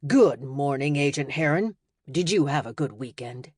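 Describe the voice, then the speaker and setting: A woman's voice: rumbling low, expressive, normal speed, a little mellow, breathy edge, no room sound, studio quality, heavily acted. A woman voicing a courteous male gnome who keeps a magical subway station. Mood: polite.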